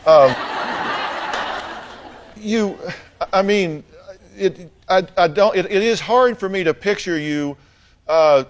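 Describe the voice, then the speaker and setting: A man's voice: high voice, slow, pauses often. A man hosting a talk show, bluntly questioning a guest with dry humor.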